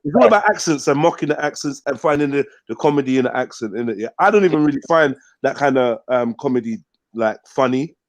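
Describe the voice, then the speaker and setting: Nigerian-born male host, casual rambling panel talk, middle pitch, dry close mic. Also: lively intonation, quick pace, dry recording. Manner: laid-back, rambling, frequent "innit" and "man". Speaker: host of a news discussion panel.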